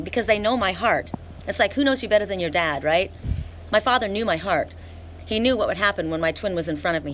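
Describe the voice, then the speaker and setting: A middle-aged woman with a mid-range voice reads oracle cards outside in cold weather. She's earnest and emphatic, breaking into excited bursts, and there's slight background noise.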